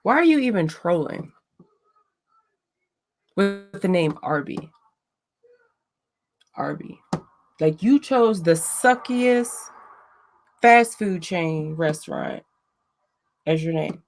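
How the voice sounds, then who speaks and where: Blunt gravelly woman chatting. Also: on the low side, expressive, slow, pauses often, slight background noise. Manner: blunt, profane, roasting a chat troll. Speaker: livestream host. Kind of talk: casual livestream chat.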